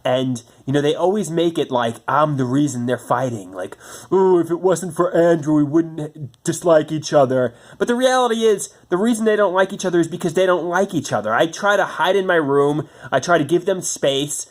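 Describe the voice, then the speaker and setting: A man's voice: on the high side, lively intonation. A man venting about his home life in a personal monologue, stammering through restarts and swearing often. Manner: halting, stammering restarts, frustrated. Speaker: vlogger.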